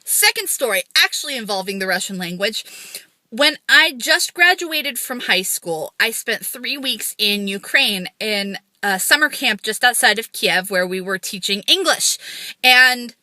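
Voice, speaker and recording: A young adult woman telling quick stories in a casual, self-deprecating vlog, filmed on a phone camera. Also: a little high, animated, sharp tone, no room sound. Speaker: vlogger.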